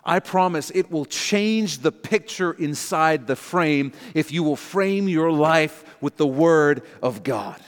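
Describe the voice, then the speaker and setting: Male pastor mid-sermon, slightly raised pitch, swings between emphatic and hushed prayer, church hall echo. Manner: dynamic preaching, drops to soft prayerful tones for quoted prayers.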